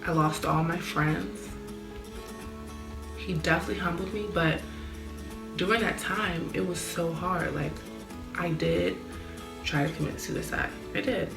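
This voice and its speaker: A woman's voice: lowish voice, unhurried, long pauses, echoey room, over music. A young woman sharing a personal faith testimony in a candid, earnest way, with lots of "like". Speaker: vlogger.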